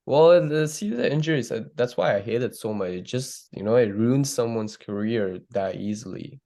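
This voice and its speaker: Low gravelly dude rambling about soccer, dark voice, lots of uh and like. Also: male voice, normal speed. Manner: rambling, earnest, many fillers. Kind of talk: casual sports chat.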